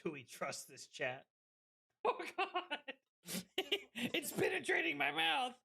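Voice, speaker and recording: A tipsy man streaming a card game, excitable and foul-mouthed, who keeps laughing and yelling. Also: very high voice, slow, vocal fry. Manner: excitable, swears freely, breaks into laughter and yells. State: tipsy from drinking. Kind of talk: rowdy live-stream commentary.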